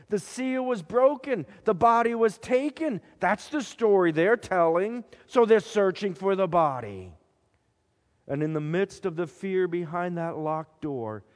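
High-voiced man preaching in a reverberant hall. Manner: dramatic storytelling, swinging between hushed and emphatic. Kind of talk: sermon retelling scripture.

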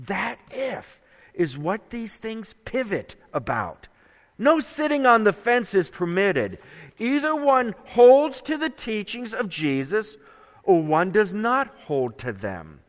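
Male preacher, high animated delivery, unhurried; dull lo-fi sound with long reverb. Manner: dramatic, emphatic, drawn-out phrasing. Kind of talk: sermon.

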